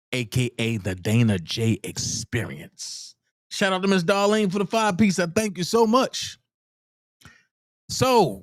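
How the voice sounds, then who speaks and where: A man's voice: mid-range voice, no room sound, studio quality. Blunt, heated male live-stream host. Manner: blunt, heated, repeats points for emphasis; gives shout-outs to viewers. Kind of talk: casual live-stream commentary.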